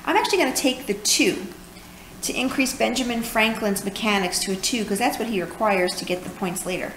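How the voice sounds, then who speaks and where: A woman's voice: on the high side, a little fast, fairly bright tone. Woman, from New York, game co-host, chatty, jokey, echoey room, faint background noise. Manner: explaining rules chattily, jokey. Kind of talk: casual board game playthrough.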